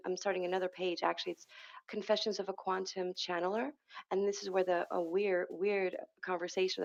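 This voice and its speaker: A woman's voice: on the low side, vocal fry, dull audio. A woman, a hypnotherapist and energy healer, speaking as a podcast guest in a rambling way, often restarting and correcting herself. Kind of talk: casual conversational interview.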